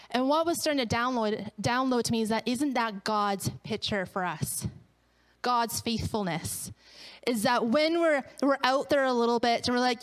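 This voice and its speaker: Woman pastor preaching, smooth clear voice, kinda high, acts out the people in her stories. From Canada. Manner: animated storytelling, acting out quoted voices. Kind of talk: sermon.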